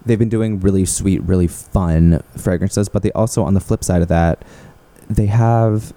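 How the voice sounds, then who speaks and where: A man's voice: low voice, steady tone, normal speed, mellow. A young man co-hosting a casual chat, joking and rambling in a loose, irreverent way. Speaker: podcast co-host.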